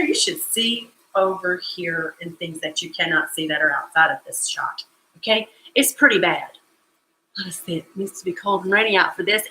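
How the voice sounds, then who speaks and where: A woman's voice: mid-range voice, fairly quick, bright, forceful tone, reverberant, low-quality recording. A woman hosting a casual live cooking stream from her home kitchen, chatty and joking in a folksy way.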